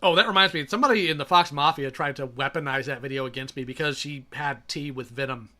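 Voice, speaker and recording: A man's voice: mid-range voice, quick pace, pushed and bright. A man live-streaming his reaction to a video, chatting sarcastically and reading donations aloud.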